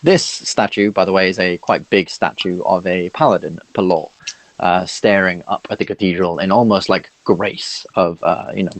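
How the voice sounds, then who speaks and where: A man narrating a tabletop game as dungeon master, halting with many fillers. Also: low-pitched, dry recording, low-quality recording.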